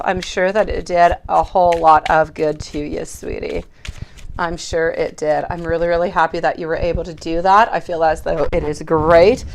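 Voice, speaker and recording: A woman's voice: fairly low pitch, a little hiss or hum. A woman hosting a live tarot reading stream, chatting casually and greeting viewers by name with affectionate words. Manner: warm, chatty greetings to viewers by name, calls them sweetie. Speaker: tarot reader hosting a livestream.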